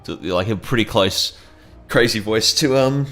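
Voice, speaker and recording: Young man, gameplay commentary, rambling, profane, lowish voice, music behind. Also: measured pace, a bit bright. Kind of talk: casual let's-play commentary.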